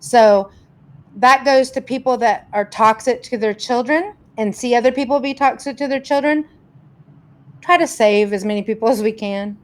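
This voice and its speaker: A woman's voice: fairly high pitch, moderate pace. Chatty woman greeting live viewers. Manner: warm greetings, chatty, rambling. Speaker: host reading viewer comments. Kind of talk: casual live-stream chat.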